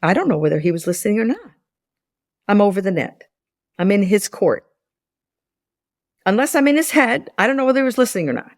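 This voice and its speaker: Speaking a little fast but with long pauses, this woman has a mid-range voice captured in a dry, studio-quality recording. In her sixties and formerly a business school lecturer, she explains ideas in a podcast interview and animatedly acts out dialogue in her anecdotes, restarting repeatedly.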